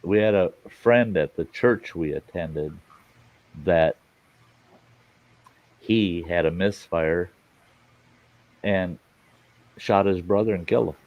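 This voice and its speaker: A man's voice: deep voice, slow pace, long pauses, dull audio. A middle-aged man hosting a live stream, telling stories in a blunt, folksy way and swearing freely. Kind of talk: casual storytelling chat. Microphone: live stream mic.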